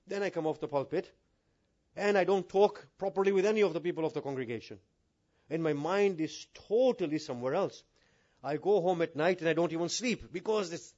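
A man preaching a sermon to a mosque congregation, asking rhetorical questions and swinging between hushed and raised delivery. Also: a little high, lively intonation, a little fast, lo-fi sound. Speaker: maulana.

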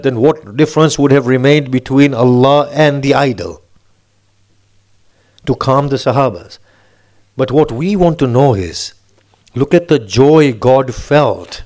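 A man's voice: on the high side, darkish tone. A man delivering a sermon, posing rhetorical questions with emphatic, rising phrases. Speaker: preacher.

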